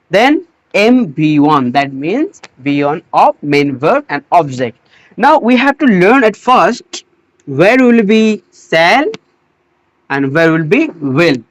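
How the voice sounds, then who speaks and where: Slow, halting grammar teacher. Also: medium pitch, no room sound. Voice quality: non-native English phrasing. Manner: halting, repeats words and restarts often. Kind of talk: slow explanatory grammar lesson.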